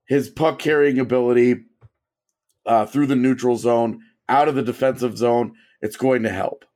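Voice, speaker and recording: A hoarse man co-hosting a podcast, giving thoughtful, hedging sports analysis in casual talk. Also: medium pitch, steady tone, moderate pace, a little mellow. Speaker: podcast co-host.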